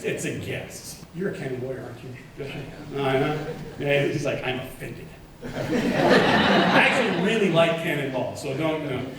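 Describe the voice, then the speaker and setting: A man giving a lively conference keynote, joking and putting questions to his audience. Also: a little high, distant mic, background noise. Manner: animated, joking, quizzes the audience. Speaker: keynote speaker. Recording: echoey hall, mic set back.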